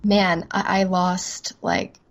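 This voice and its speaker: Woman guest, low-pitched, rambling and self-deprecating, laughs easily in casual chat. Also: sing-song, slow pace, dull audio. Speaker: voice-over actress guest.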